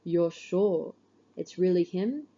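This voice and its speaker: A woman's voice: on the low side, warm tone, muffled recording. Woman doing a hulking scornful hero. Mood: suspicious. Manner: slow, mocking drawl. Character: huge scornful male warrior hero, brutish.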